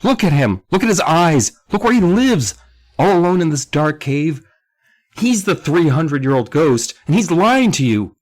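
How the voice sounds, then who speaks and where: A man voicing a frightened young boy who pleads loudly. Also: a little high, sing-song, moderate pace, pitched above the performer's own voice. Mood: frantic.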